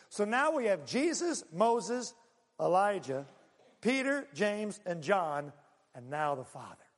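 A man preaches a sermon with an animated delivery, swinging between loud bursts and quiet, hushed asides. His voice sits high for a man. The sound carries the long reverb of a large hall. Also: unhurried. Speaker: pastor.

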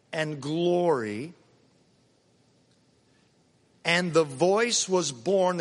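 A pastor with a high voice preaches with emphatic force. He climbs to stressed peaks on key phrases and sinks to low, quiet asides. His voice rings out through a hall with a long reverb. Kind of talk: sermon.

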